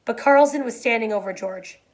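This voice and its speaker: A woman reading a novel chapter aloud in a quiet, even voice, then explaining the ending in a chatty way with fillers. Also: on the high side, a little fast. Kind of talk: read-aloud and plain explanation.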